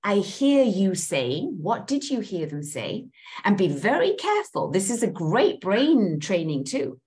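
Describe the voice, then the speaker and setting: A woman leads a group session on how to listen. Her pitch swings widely as she acts out sample phrases. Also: unhurried. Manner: animated, acts out example phrases. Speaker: coach.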